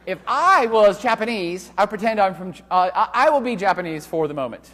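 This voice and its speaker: A university lecturer giving a live classroom lecture, loud and animated, joking with students and swearing casually. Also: male voice, sits high, brisk, few pauses. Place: large lecture hall. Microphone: handheld microphone. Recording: reverberant lecture hall.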